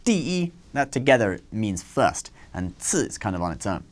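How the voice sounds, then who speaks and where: A man hosting a scripted language lesson, explaining rules clearly and saying example words slowly and carefully. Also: on the low side, big pitch swings. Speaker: host and Chinese language teacher.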